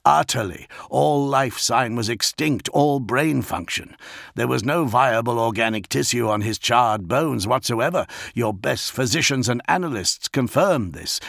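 A man voicing a grave, measured aide who speaks slowly and formally. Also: medium pitch, gravelly, fairly bright tone, dry recording, clean studio sound, voice pushed up. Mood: insistent. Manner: slow, deliberate, formal. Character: grave male alien-featured aide, measured and solemn.

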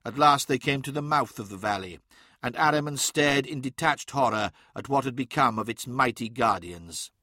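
A man reading an audiobook in a measured, dramatic way. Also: medium pitch, bright, forceful tone, no echo, studio quality. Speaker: narrator. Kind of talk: scripted audiobook narration.

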